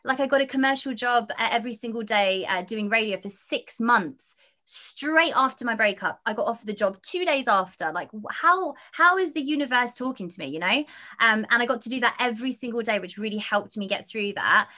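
A woman's voice: a little high, lively intonation, sharp tone. A woman with a British accent, chatting effusively as a guest on a casual interview show. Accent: British English. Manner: chatty, effusive, quick asides. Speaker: radio and TV presenter, guest.

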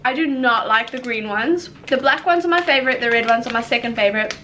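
A woman's voice: fairly high pitch, expressive, fast, bright, forceful tone, slight background noise. A young woman with a South African accent, chatting casually and laughing often as a vlogger. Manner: giggly, upbeat, laughs often. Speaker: vlogger host. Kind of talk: casual chat. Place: home room lit by a ring light.

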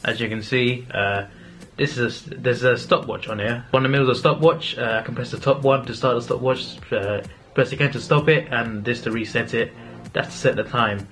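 A man's voice: medium pitch, a little fast, a bit bright. Chatty young man vlogging. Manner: chatty, pleading and groaning at a draw. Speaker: YouTuber. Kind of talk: casual vlog and live reaction.

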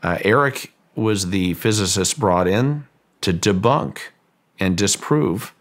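A man being interviewed who recounts a story in a halting way and often repeats words as he goes. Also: lowish voice, lively intonation. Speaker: guest, ranch owner recounting a story.

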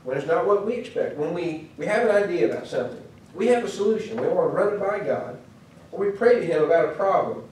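A man's voice: sits high, expressive, quick pace, a little mellow, slight background noise. A man with a Midwestern American accent giving a sermon lesson in a chatty storytelling way, full of asides. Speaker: preacher. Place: church hall. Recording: echoey church hall, mic far off.

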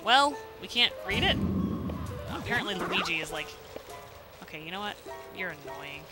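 A woman casually commenting on a video game as she plays, chatty and excitable, breaking into sudden loud exclamations and silly rhymes, on a home mic without a pop filter. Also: fairly low pitch, moderate pace. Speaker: let's play host. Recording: game music behind voice. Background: game music.

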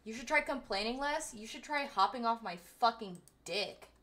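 A woman's voice: on the high side, expressive, normal speed, fairly bright tone. A young woman live streaming, chatting casually with viewers and swearing freely while she sorts out her setup. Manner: loose and profane, talking to chat while fixing her setup. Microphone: streaming microphone.

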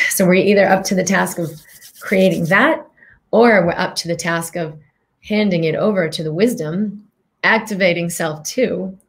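Host: middle-aged woman, lowish voice, earnest coaching tone for a healing talk. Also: moderate pace. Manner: earnest, coaching, guides breathing questions. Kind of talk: motivational talk to viewers.

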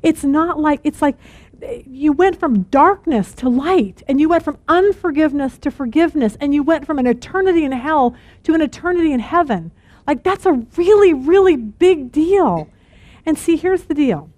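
An earnest woman in middle age teaches a Bible study with a bright, high voice. She is animated and presses her points by repeating words. The sound is dry and close, with no room around it. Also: normal speed, no echo.

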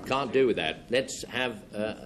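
A man hosting a panel game show, moving the rounds along with brisk, dry, teasing patter. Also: on the low side, expressive. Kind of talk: quizmaster patter. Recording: noisy old broadcast with loud studio audience.

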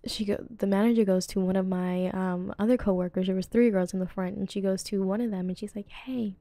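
Young woman, 20s, podcast host, casual rambling storytelling, mellow warm tone, dry close sound. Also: steady tone, fast, no room sound. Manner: chatty, rambling, lots of fillers, acts out quotes with pitch jumps.

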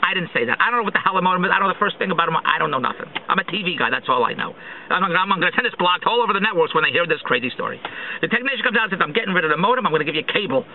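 A man's voice: high-pitched, expressive, very fast. A man vlogging a sarcastic, exasperated rant as he complains at length. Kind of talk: ranting monologue. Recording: tinny phone-like recording, faint noise.

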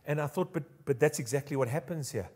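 South African male pastor, higher voice, lively and jokey sermon delivery with call-and-response. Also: fast, breathy edge. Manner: animated and jokey, leads the congregation in call-and-response.

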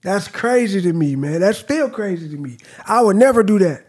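A man's voice: sits high, animated, a little mellow. A young man hosting a reaction video, chatting casually in an amused, laid-back way. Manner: laid-back, amused, talks slowly with drawn-out remarks. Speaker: reaction channel host.

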